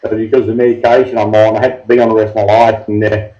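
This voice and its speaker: Rapid-fire and flat, his lowish, dark voice belongs to an Australian guest in his sixties chatting on a phone call. He's easygoing and rambling, says mate, and the audio is roomy and dull.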